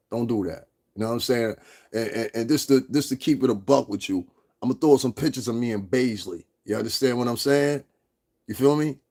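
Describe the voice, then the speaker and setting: Brief: profane, confrontational livestream host, gravelly and husky, laughs a lot. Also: male voice, mid-range voice, darkish tone. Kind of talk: casual livestream rant.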